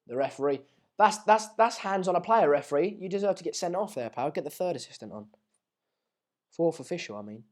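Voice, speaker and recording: A young man with a slightly raised voice, a little hoarse from shouting earlier. He chats loosely through a live match watch-along, restarting sentences and calling his viewers mate and pal. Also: fairly high pitch, expressive, brisk. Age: late teens. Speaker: live stream host.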